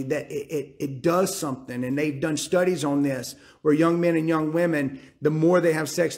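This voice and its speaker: A man preaching a sermon as pastor, with an impassioned delivery that climbs loud and high when pleading and drops low and quiet on somber words. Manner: impassioned, rises sharply in pitch and volume when pleading.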